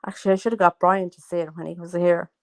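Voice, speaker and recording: A woman's voice: on the low side, little pitch movement, fast talker, no echo. A woman chatting casually at home, rambling through stories with plenty of fillers. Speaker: host. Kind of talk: casual chat.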